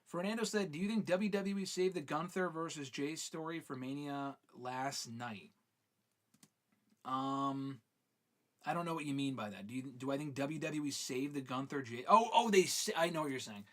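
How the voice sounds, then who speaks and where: A man's voice: a little high, normal speed. A man hosting a live fan-question show in casual, swearing chat, reading viewer questions aloud and answering them.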